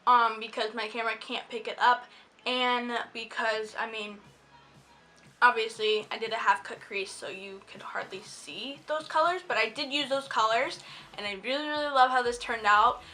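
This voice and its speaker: A young woman with a bright, fairly high voice talks through her makeup steps in a chatty voiceover. She rambles easily, filling gaps with ums and likes. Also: fairly even intonation, normal speed, faint music behind. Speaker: beauty vlogger. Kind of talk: casual makeup tutorial voiceover. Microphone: voiceover mic.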